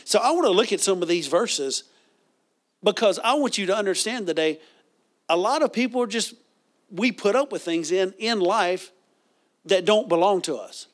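Animated higher-voiced male preacher. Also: normal speed, long pauses. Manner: animated, call-and-response with congregation. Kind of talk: sermon.

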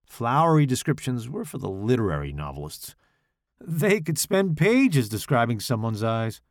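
A man narrates horror fiction with dramatic, expressive delivery and a gravelly edge to his voice. His pitch moves in a lively way, and the recording is close and dry. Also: no room sound. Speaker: author and podcast host.

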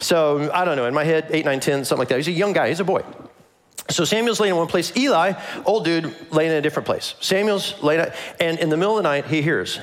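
A pastor preaching a sermon, retelling scripture with humor and acting out the characters' voices. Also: male voice, on the high side, fast talker. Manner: animated, humorous storytelling with acted voices.

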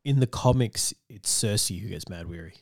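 A man with a fairly low voice, co-hosting a relaxed film podcast. He explains comic-book lore at length and laughs often. The sound is dry, with no room echo. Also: normal speed. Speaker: podcast co-host. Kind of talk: casual film discussion.

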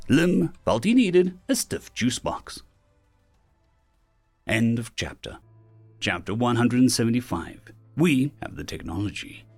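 Lively male audiobook narrator. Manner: lively, raises pitch for character lines. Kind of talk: narrating a web novel.

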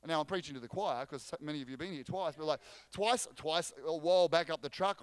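A man preaching a sermon as pastor, energetic and joking, often restarting his phrases. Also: a little high, fast talker, few pauses, clean tone, no echo. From Australia.

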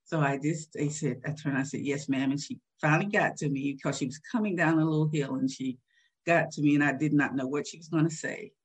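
A woman in her sixties, husky-voiced, recalling a personal story in a candid interview with a soft laugh now and then. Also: sits low, brisk. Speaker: guest.

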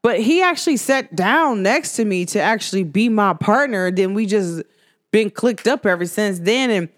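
Chatty young woman, animated podcast talk. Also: medium pitch, moderate pace. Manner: animated, chatty, laughs often, acts out quoted dialogue. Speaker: podcast host. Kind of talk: casual solo podcast talk.

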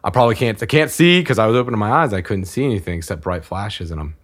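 A man in his thirties casually telling a funny story about himself, animated and laughing as he goes. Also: fairly low pitch, quick pace. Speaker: podcast guest.

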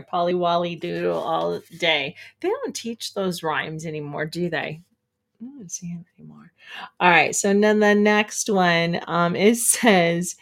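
A woman hosting a casual live stream, reading trivia questions aloud to her viewers, chatty and often giggling. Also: medium pitch.

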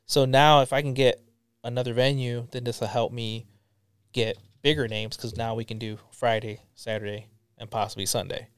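A man's voice: mid-range voice, little pitch movement, moderate pace, smooth, dry recording, studio quality. A middle-aged man, a comedian guest, talking in a rambling, casual way with many ums and restarts. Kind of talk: casual interview chat.

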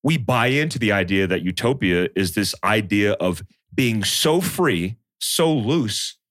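Male guest, thirties, animated storyteller, close dry mic. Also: lowish voice, a little slow, dry recording. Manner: storytelling, animated, acts out quotes. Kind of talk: casual chat.

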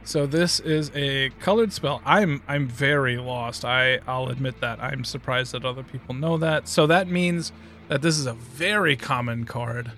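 A man guessing cards on a casual stream, talking in halting starts and cracking jokes. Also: medium pitch, bright, forceful tone. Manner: halting, joking. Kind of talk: casual live-stream chat.

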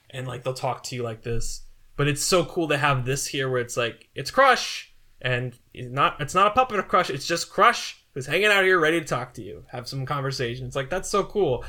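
A man co-hosting a podcast in casual chat, animated and joking as he rambles along. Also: mid-range voice. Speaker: podcast co-host.

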